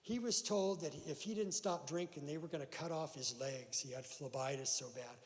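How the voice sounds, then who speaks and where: A man's voice: a little high, normal speed. A man telling a personal story at a recovery meeting in a church hall, acting out the voices of the people in it. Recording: long hall reverb.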